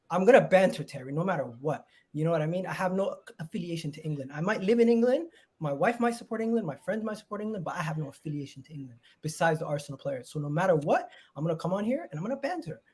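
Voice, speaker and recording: A man's voice: on the high side, lively intonation, very fast, darkish tone, slightly rough. A man calling into a live football stream, teasing the host and arguing back. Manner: teasing, argumentative. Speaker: caller. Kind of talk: heated live stream chat.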